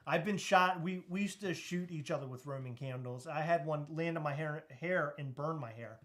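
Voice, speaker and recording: A man's voice: a little high, a little slow, a bit bright. A man co-hosting a live podcast stream, reading chat comments aloud and laughing easily in loose, casual talk that swears freely. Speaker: podcast co-host.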